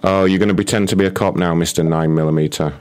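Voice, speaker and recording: A man's voice: low-pitched, steady tone, fast, a little mellow, slight background noise. A British man making a prank call, mocking and taunting the caller and laughing often. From Britain.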